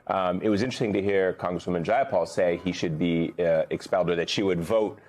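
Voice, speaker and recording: Deep-voiced man discussing politics. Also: brisk, a little mellow. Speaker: political commentator. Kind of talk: panel discussion.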